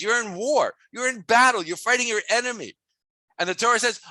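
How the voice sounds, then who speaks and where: A man teaching as a rabbi, in a lively way, full of rhetorical questions. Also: high voice, a little fast, dry recording, rough recording. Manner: animated, asks many rhetorical questions.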